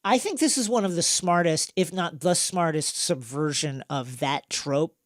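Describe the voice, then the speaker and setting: A man hosting a podcast, recapping a film in a casual, animated way with many fillers. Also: on the high side, measured pace, no room sound, studio quality. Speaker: podcast host.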